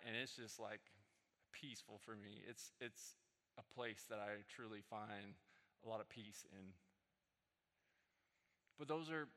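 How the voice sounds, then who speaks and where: Bright-voiced pastor in a big hall. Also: male voice, mid-range voice. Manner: conversational storytelling, animated peaks. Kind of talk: sermon. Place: church sanctuary. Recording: reverberant hall.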